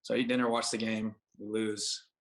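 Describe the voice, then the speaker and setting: On a podcast, a young man who pitches baseball tells a long, easygoing story as a guest, dropping "like" into nearly every sentence while he backtracks and starts over. His voice sits on the low side, with a level tone and a brisk pace.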